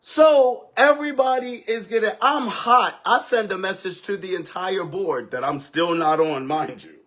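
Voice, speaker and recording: A man tells a dramatic story in a fast, profane, gossipy rush, jumping from loud outbursts to hushed asides. His voice sits high for a man and has a husky, breathy edge. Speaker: livestream host telling a story. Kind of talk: casual animated storytelling.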